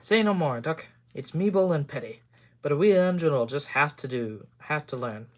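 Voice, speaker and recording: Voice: medium pitch, expressive, normal speed, close to an everyday voice. A reader doing a stern Scottish-tinged engine. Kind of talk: reading a storybook aloud.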